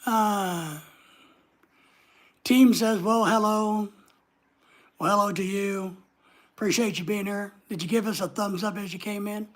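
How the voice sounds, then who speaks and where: A man's voice: high-pitched, fairly even intonation, moderate pace, fairly bright tone. A man with a neutral American accent hosts a casual livestream, rambling as he reads viewer comments aloud and answers them. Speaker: livestream host.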